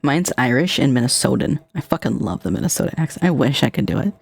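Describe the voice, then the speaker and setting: Streamer host, mid-pitched, swearing casually and asking curious questions, dry close sound. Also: expressive, quick pace, vocal fry, no echo. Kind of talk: casual chat.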